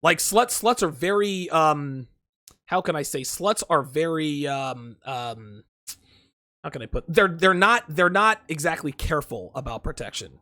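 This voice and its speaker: A man's voice: a little high, lively intonation, measured pace, bright, forceful tone, dry recording, clean studio sound. Crude, profane male stream host. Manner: emphatic, repeats himself. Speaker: dating advice host. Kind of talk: solo livestream monologue.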